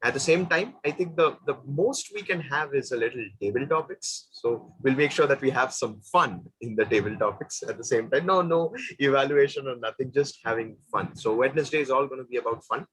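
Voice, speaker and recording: A man's voice: mid-range voice, brisk, few pauses, a bit bright, breathy edge, rough recording. A man hosting an online club meeting, upbeat, encouraging and playful with the members. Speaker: meeting host.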